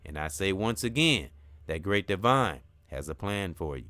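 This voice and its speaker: A man's voice: low voice, very animated, moderate pace, bright, forceful tone, no echo. A middle-aged man hosting a casual spiritual talk, speaking earnestly with a repetitive, preacher-like cadence. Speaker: host of a spiritual talk channel.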